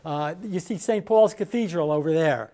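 Halting, emphatic lecturing man. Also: on the high side, warm tone. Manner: halting, many fillers and restarts, emphatic repetition; points at slides and checks in with the class. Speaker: history lecturer. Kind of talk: classroom lecture.

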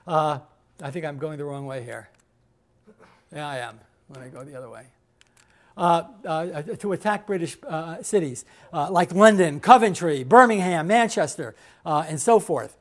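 A man giving a classroom history lecture, halting with many fillers and restarts, repeating key points for emphasis and pointing to slides. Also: on the high side.

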